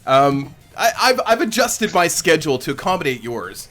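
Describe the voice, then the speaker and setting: A man hosting a gaming live stream, excitable and rambling, laughing often. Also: a little high, normal speed. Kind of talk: casual live-stream chat.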